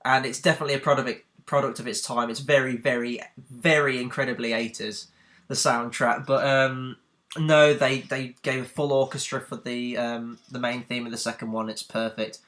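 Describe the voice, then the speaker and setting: A man's voice: medium pitch, steady tone, normal speed, a bit bright. A man co-hosting a film podcast, chatting eagerly about movies. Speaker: podcast co-host. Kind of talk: casual film chat.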